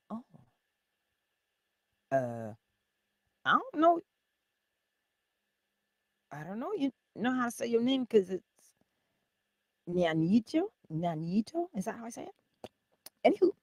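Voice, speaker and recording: Woman host, inspirational livestream; slow, husky delivery with lots of pitch movement, playful and chatty, often drops to a whisper. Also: no echo. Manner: chatty, greets viewers by name.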